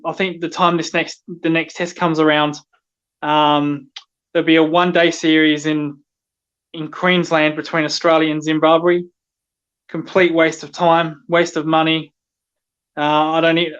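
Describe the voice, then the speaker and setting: A man's voice: on the high side, flat delivery, normal speed, a bit bright, smooth. A man hosting a podcast, chatting casually and hesitantly about cricket. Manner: hesitant, lots of ums and agreeing. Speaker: podcast host. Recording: dull, muffled lo-fi sound.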